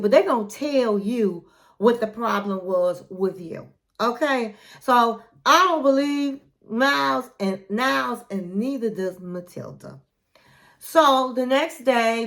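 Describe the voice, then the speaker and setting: A woman's voice: on the high side, a bit bright. A woman hosting a casual reality-TV recap, chatty and opinionated, retelling scenes as she goes. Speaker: recap channel host.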